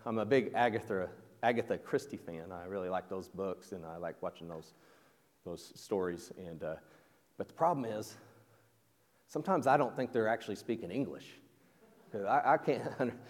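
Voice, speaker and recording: A man's voice: lowish voice, expressive, normal speed, darkish tone. A man preaching a sermon in a conversational way, restarting his sentences and asking the listeners questions. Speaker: pastor. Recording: long echo of a large hall.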